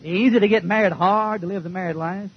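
Brief: male preacher, high and husky, folksy, joking, sometimes shouting, old lo-fi church tape. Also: steady tone, fairly quick. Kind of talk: fiery sermon. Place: church before a congregation.

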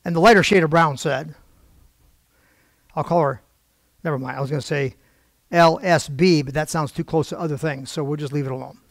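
A man's voice: fairly high pitch, steady tone, brisk, pauses often, dry recording, studio quality. An older man preaching in a storytelling style, acting out quoted voices with wry asides.

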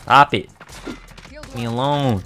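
A man commentating his own online shooter matches in casual slang, excitable, trash-talking other players and bursting into shouts. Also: medium pitch, takes it slowly, slight background noise. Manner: casual slang-heavy banter. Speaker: gaming YouTuber. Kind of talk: live gameplay commentary.

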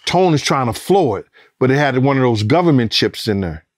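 A middle-aged man and former bodyguard telling a story in a casual interview, animated and profane, acting out the voices of others and the sounds of gunshots. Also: mid-range voice, brisk, no room sound, studio quality.

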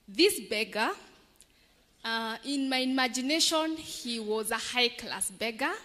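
A woman telling an animated children's story in church and asking the children questions. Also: on the high side. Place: large church. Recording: echoey church hall.

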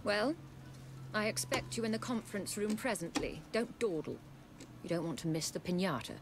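A woman's voice: medium pitch, animated, moderate pace, natural voice. A woman playing a prim, bossy office colleague. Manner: prim, chiding, falsely sweet. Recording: noisy game audio.

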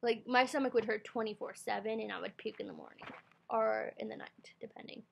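Chatty young woman with a gravelly voice. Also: a little high, steady tone, brisk, slight background noise. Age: young adult. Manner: chatty, rambling, lots of fillers and quoted self-talk. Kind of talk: casual storytime vlog. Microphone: computer webcam mic.

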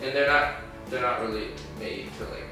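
An easygoing young man with a mid-range voice trades jokes on a student podcast, laughing along as he talks. He sits back from the mic in a very echoey room, with music clearly audible behind him. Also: mid-range voice, normal speed, recorded from a distance. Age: young adult. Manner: laid-back, joking, laughs easily. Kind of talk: casual chat.

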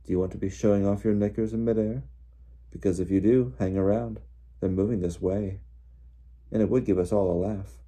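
A man's voice: lowish voice, fairly even intonation, a little fast, mellow, natural voice. A man reading as a drawling sneering teen bully. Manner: lazy, mocking drawl.

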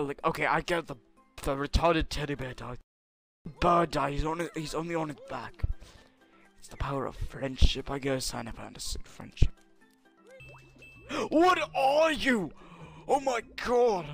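Man doing gravelly hot-headed Vegeta. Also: fairly high pitch, fairly bright tone, exaggerated voice. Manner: brash and insulting, yelping in panic. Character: arrogant proud alien prince warrior, adult male, hot-tempered. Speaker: game player. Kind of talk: comedic let's-play voice parody.

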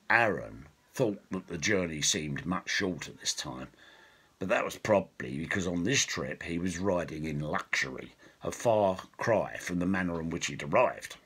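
Slow, expressive male storyteller. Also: deep voice, husky. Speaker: author and storyteller. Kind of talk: storybook narration.

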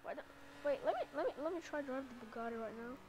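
Woman, higher voice, chatty gameplay commentary, internet slang, car engine roar underneath. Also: lively intonation, quick pace. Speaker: gaming YouTuber. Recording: loud game car-engine noise behind.

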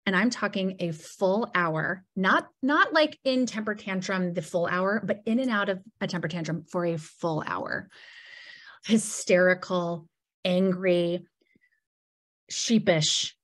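A woman as a podcast guest, telling a personal story in a casual, animated way and acting out bits of dialogue. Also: fairly low pitch, slow pace. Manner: animated storyteller who acts out quoted dialogue and leans on "like".

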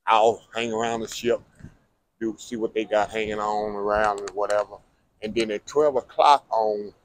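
A man's voice: fairly low pitch, a little hiss or hum, rough recording. A middle-aged man, chatting casually to viewers as he walks around a cruise ship with a handheld camera. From Texas. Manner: chatty, addresses viewers as y'all. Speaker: food vlogger. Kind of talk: casual vlog narration. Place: aboard a cruise ship, walking the decks.

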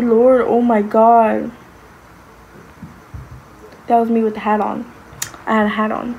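A woman's voice: fairly high pitch, darkish tone, dull audio, slight background noise. A young woman vlogging casually, gushing and exclaiming, sometimes dropping to a whisper. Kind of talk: casual reaction vlog.

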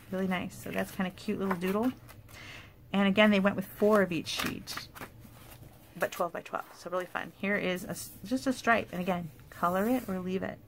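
A woman casually showing off paper craft products in a chatty, enthusiastic way, with fillers and quick asides. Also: fairly low pitch, vocal fry, slight background noise. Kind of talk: casual product show-and-tell.

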